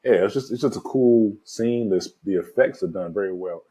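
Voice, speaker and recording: A man with a deep voice talks through a movie in a relaxed, conversational way. His tone is dark and mellow, with a husky edge. He recaps scenes loosely, leaning on filler words. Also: normal speed. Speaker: podcast co-host. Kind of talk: casual movie review chat.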